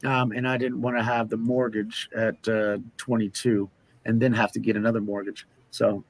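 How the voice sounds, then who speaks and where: A man's voice: on the low side, little pitch movement, normal speed. Rambling man in casual stream chat. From Oklahoma. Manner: rambling, many fillers and restarts. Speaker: co-host of a live stream chat.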